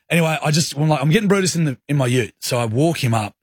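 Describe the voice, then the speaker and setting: Aussie male radio host, husky tone, dry studio mic, lively yarn-spinner. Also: a little high, rapid-fire, hardly any pauses, dry recording. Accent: Australian. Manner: animated storyteller, acts out his own anger. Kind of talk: casual radio banter and storytelling. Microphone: studio microphone.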